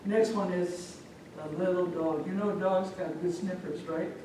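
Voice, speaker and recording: A woman from Omaha telling a folk tale live to an audience, animated and speaking directly to listeners. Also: fairly low pitch, measured pace, background noise. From Omaha, Nebraska. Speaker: storyteller. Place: live public event, echoey room. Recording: echoey hall from far off.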